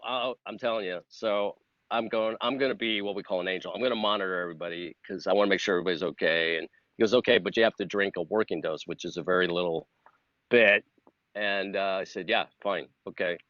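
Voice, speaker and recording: A man's voice: low-pitched, fast talker, dry recording. Middle-aged guy telling a story, earnest, acts out the back and forth, kinda muffled dry sound. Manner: animated, acts out quoted dialogue; earnest, gets emotional. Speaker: podcast guest, cinematographer. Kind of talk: casual storytelling. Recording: dull, dry lo-fi audio.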